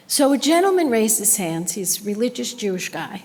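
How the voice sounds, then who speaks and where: A woman's voice: fairly high pitch, very animated, moderate pace, creaky, a little mellow. An older woman giving an impassioned public lecture, speaking with emphatic conviction. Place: lecture hall. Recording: long hall reverb.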